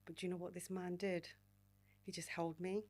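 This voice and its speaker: A woman in her forties, a podcast guest telling candid stories in an animated, frank way and swearing freely. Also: on the low side, normal speed. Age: 40s. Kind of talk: candid storytelling conversation.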